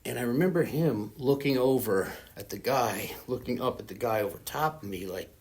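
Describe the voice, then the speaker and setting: A man's voice: mid-range voice, normal speed, darkish tone, husky. A man in his forties speaking at a recovery fellowship meeting. He tells his story candidly and casually, rambling with lots of "you know" and "like". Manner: candid and self-deprecating about his past. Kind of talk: personal recovery testimony.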